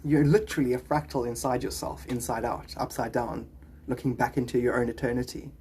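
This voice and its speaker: A man's voice: mid-range voice, level tone, a little fast, a little mellow, slightly rough. A man chatting on a live stream, reading viewers' comments and rambling into spiritual musings.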